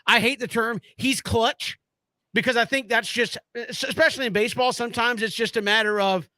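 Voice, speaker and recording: A man co-hosting a casual sports talk show, animated, often stumbling and restarting as he argues his point. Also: very high voice, fast talker, no echo. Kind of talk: casual sports radio chat.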